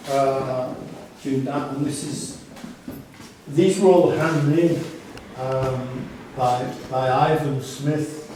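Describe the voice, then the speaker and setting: A man's voice: mid-range voice, slow pace, dark tone, slight background noise. A man telling anecdotes about his life during a casual gallery talk, rambling with restarts and fillers. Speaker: artist and curator giving a gallery talk. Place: gallery exhibition space. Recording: echoey room from far off.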